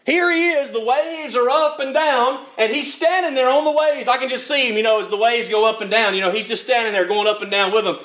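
An older man preaching a sermon, telling the story with lively acted-out voices and frequent chuckles. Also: very high voice, brisk, few pauses. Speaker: pastor.

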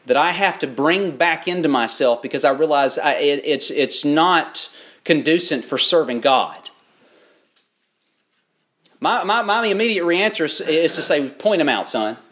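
A pastor with a drawl delivers a sermon, his voice sitting a little high for a man. He tells homey stories casually, then stretches out key words as his preaching builds. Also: fairly bright tone. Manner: preaching with rising fervor, drawn-out emphasis; folksy, chatty storytelling with restarts.

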